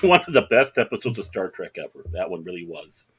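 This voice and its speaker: A middle-aged man co-hosting a podcast, telling rambling, animated anecdotes in casual chat. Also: low voice, brisk, husky. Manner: rambling, animated anecdotes with self-quotes and laughs. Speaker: podcast co-host.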